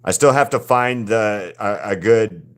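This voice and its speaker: A man hosting a live drawing stream, chatting casually with viewers and often restarting his sentences. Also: on the low side. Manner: halting, frequent restarts and repeated words.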